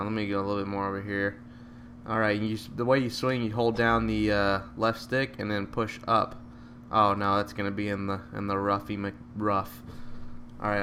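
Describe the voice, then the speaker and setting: A man with a fairly low voice commentates a video game live, chatty and playful. He jokes around and yelps at good or bad shots, with a faint hiss behind him. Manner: excitable, joking, bursts out at shots. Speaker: gameplay commentator.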